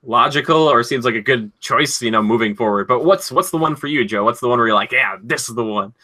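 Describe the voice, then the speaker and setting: A man's voice: medium pitch, fast talker, bright, forceful tone. A young man co-hosting a podcast, rambling casually with many fillers and hesitations. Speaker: podcast co-host. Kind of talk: casual chat.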